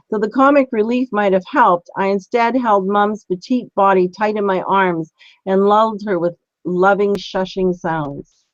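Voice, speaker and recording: A woman's voice: mid-range voice, dry recording. A woman co-hosting a webinar, reading a submitted story aloud after playful chat. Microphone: computer mic on a video call. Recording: dull, dry computer audio.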